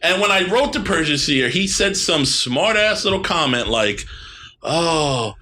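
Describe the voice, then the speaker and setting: Profane ranting man with a bright voice. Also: sits high, big pitch swings, normal speed, slight background noise. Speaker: podcast co-host. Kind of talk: ranting casual chat.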